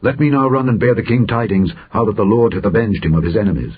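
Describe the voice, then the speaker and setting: A man's voice: lowish voice, quick pace, breathy edge. A man voicing an eager young messenger who pleads to carry news, in a dull, lo-fi recording. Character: eager young male runner bearing news.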